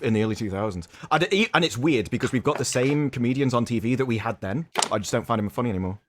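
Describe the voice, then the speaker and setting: A man's voice: mid-range voice, fast, noisy background. A man from Britain on a casual panel, wry and opinionated. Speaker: panel guest.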